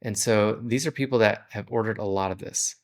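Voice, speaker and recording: A man with a fairly low voice talks through his business plans in a relaxed vlog. He explains each step plainly and conversationally, like an owner showing how he runs things. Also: fairly quick.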